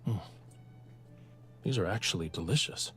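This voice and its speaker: A man's voice: deep voice, lively intonation, moderate pace, fairly bright tone. A teasing merman sea god. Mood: relaxed. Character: young male sea god, playful merman. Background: faint game music.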